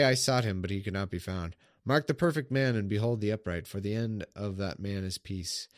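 A man with a voice on the low side casually reads old scripture aloud, breaking off into irreverent, sarcastic commentary. The recording is dry, with clean studio sound.

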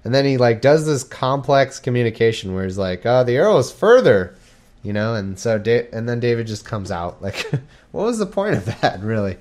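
A man reads old scripture aloud and keeps breaking off to make casual, irreverent jokes about it. His voice is mid-pitched and very lively, rising and falling a lot, and he chuckles at his own wisecracks. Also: normal speed. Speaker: scripture reader and commentator. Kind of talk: casual reading with joking commentary.

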